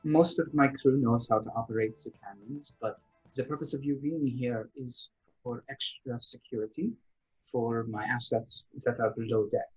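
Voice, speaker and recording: A man's voice: medium pitch, steady tone, moderate pace, breathy edge, soft background music, natural voice, rough recording. A man voicing a stern, businesslike female airship captain in a curt, matter-of-fact manner, for a tabletop game.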